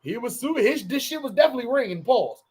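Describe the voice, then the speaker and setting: A podcast co-host talking in a high voice, loose and profane. He tells stories in casual chat and sometimes bursts into loud, shouted impressions. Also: big pitch swings, fast.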